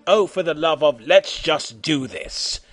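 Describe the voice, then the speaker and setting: Evil robot overlord, pompous and booming, as a man puts him on, slow deliberate delivery. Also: soft background music. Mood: menacing.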